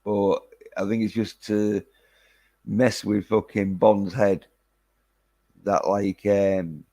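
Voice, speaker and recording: Slow, rambling low-voiced man. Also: flat delivery, warm tone. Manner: rambling, filler-heavy, swears casually. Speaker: film reviewer. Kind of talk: casual chat.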